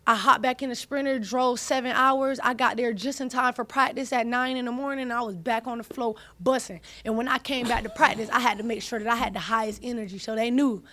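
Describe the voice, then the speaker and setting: Animated young woman chatting. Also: a little high, fairly quick, hardly any pauses. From US South (Atlanta). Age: young adult. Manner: animated, slangy, repeats herself. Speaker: host, college athlete. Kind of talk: casual chat.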